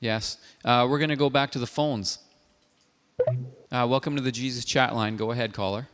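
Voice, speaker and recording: A man hosting a call-in show, speaking in a calm, earnest and measured way. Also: mid-range voice, background noise. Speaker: host. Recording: long reverb.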